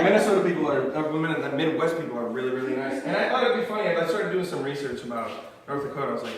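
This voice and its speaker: A man's voice: a little high, expressive, quick pace, over a noisy crowd. A man doing a stand-up set, with a slightly raised voice and a chatty, self-mocking way of telling stories. He is captured from some distance in a very echoey venue, and a faint background noise sits under him. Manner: chatty, self-deprecating, laughs at own jokes. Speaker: stand-up comedian.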